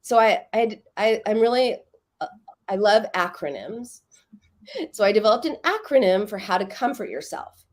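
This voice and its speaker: A middle-aged woman speaks as an expert guest, explaining her method in an even, mid-pitched voice. She tells stories with animation and briefly puts on the voices of the people in them. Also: moderate pace. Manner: animated storytelling, acts out quoted voices. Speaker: psychoanalyst guest. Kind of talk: interview conversation.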